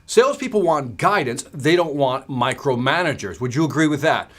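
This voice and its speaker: A man hosting a livestreamed sales lesson from his studio, asking the audience quick rhetorical questions as he goes. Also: a little high, animated. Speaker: sales trainer and livestream host. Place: home studio.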